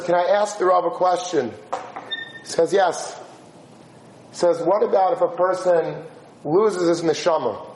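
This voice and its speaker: Man, high voice, storyteller, animated, acts out dialogue, echoey room. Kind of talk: spoken religious story.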